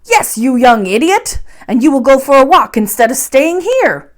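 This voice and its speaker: A woman doing a shouting old professor. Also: sits high, big pitch swings, normal speed, pitched above the performer's own voice. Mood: impatient. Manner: loud, barking orders. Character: excitable shouting old male professor uncle.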